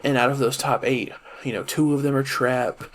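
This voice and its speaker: A man in his twenties from the American South, rambling to camera in a casual monologue, full of fillers and restarts, high while he talks. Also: steady tone, moderate pace. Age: 20s. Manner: rambling and self-correcting, many fillers and restarts. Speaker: vlogger and rapper.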